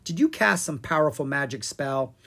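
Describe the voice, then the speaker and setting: A reader voicing a clever, brisk young female dragon in a children's storybook. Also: mid-range voice, lively intonation, gravelly, fairly bright tone, breathy edge, full character voice. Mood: bossy.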